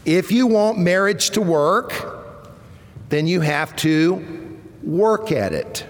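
A man in his fifties preaching a sermon, earnest and measured, his voice swelling at points of emphasis. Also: high voice, sing-song. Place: church sanctuary. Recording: long reverb of a church hall.

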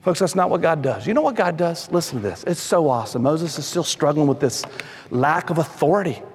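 Emphatic, high-voiced preacher in a reverberant hall. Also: male voice, animated, a little fast, slight background noise. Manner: emphatic, addresses listeners as folks, drops low for stress. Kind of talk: sermon.

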